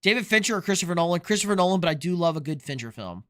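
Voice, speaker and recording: Young guy, sports streamer, sharp high voice, loose and profane, a few beers in. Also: animated, racing. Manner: loose, profane, reads chat questions aloud. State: drinking beer. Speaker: sports streamer answering chat. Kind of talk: casual live-stream chat.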